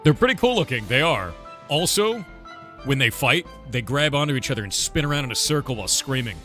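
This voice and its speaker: A man's voice: mid-range voice, expressive, fairly quick, sharp tone, faint music behind. A man casually chatting with his livestream audience, rambling and blunt, swearing now and then. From United States. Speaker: streamer and game developer.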